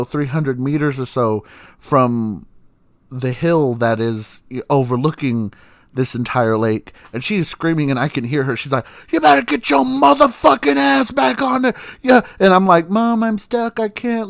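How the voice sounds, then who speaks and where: A young podcast host delivers a casual storytelling monologue, laughing often, swearing, and acting out voices in quotes. His voice is mid-range with no echo.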